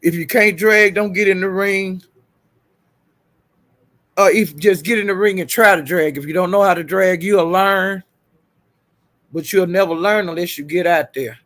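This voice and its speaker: A man's voice: high voice, moderate pace, long pauses, a bit bright. A man hosting a livestream in casual commentary, giving blunt, profane advice. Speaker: livestream host.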